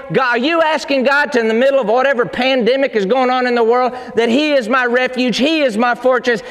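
Male preacher with a very high voice, emphatic and fervent, in an echoing sanctuary. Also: fairly bright tone. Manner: emphatic, rising to fervent pleading. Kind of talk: sermon. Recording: long hall reverb.

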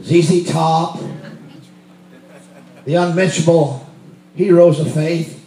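A man preaching a testimony sermon, telling a story and building to shouts. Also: on the high side, fairly even intonation, slow, reverberant. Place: church sanctuary.

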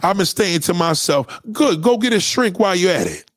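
A man's voice: high-pitched, lively intonation, normal speed, no echo, clean studio sound. A man in a heated, profane livestream rant, lecturing his audience.

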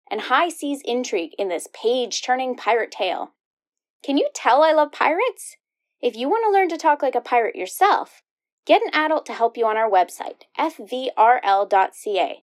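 High-voiced cheerful woman host. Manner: cheerful and upbeat, reading to children. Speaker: library podcast host. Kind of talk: scripted book recommendations for kids.

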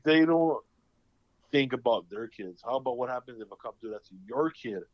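Young LA host, loose rambling talker who curses a lot, dry and slightly muffled. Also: male voice, medium pitch, animated, normal speed, dry recording. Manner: swearing, rambling storyteller. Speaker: podcast host. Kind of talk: casual chat. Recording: dull lo-fi sound.

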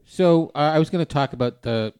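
A man's voice: medium pitch, fairly quick, a little mellow, smooth, no room sound, studio quality. A man co-hosting a podcast, playful, steering with questions. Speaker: podcast co-host. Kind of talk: casual chat.

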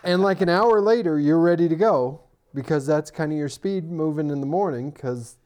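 A man's voice: fairly high pitch, normal speed. A middle-aged man co-hosting a podcast in casual chat, telling stories and teasing his friend. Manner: teasing, animated storyteller. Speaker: podcast co-host.

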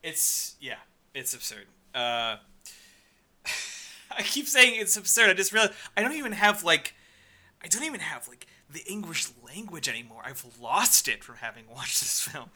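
A man's voice: a little high, sing-song, normal speed, sharp tone. A man co-hosting a casual film-review chat, exasperated and swearing for emphasis.

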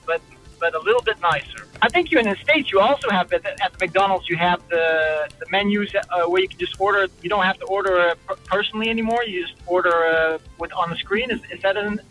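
A man's voice: high-pitched, quick pace, sharp tone, low-quality recording. A man from the Netherlands chatting hesitantly while driving, with many fillers and slightly non-native phrasing. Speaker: guest. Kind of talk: casual chat while driving. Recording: car call with faint music.

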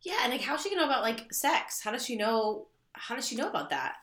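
A woman's voice: a little high, sing-song, fast talker, fairly bright tone, reverberant. A woman co-hosting a casual chat, playful and joking. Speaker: podcast co-host.

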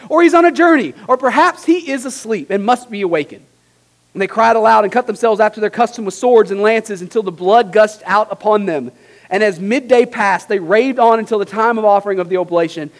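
A male preacher with a notably high voice, reading scripture to his congregation. He lifts his voice for the quoted lines and leans on rhetorical questions, tagging his points with a quick "right?". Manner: reads scripture with dramatic emphasis, rising for quoted lines. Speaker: pastor.

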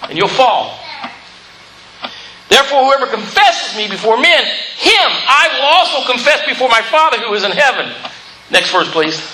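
Fiery male preacher, high-pitched, call-and-response, echoey church sound. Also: sing-song, moderate pace, a little hiss or hum. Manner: preaching with call-and-response "Amen?", rising to shouts. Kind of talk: fiery sermon.

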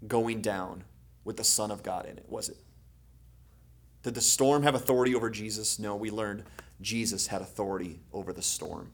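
A man preaching a sermon as pastor, moving between hushed, quiet lines and loud, emphatic ones. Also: fairly low pitch, moderate pace, husky. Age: adult parent.

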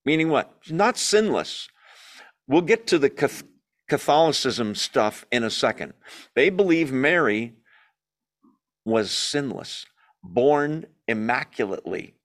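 A man with a voice of ordinary pitch leads a Bible study in a lively, emphatic way. He reads passages aloud, comments on them with opinionated asides, and keeps asking his listeners questions that he answers himself. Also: slow pace.

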